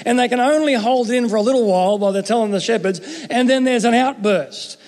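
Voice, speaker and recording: A man with a high voice delivers a relaxed, joking sermon, often stumbling and restarting his phrases. The sound carries a long hall reverb. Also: fast talker. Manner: conversational, jokey, self-interrupting. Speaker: pastor.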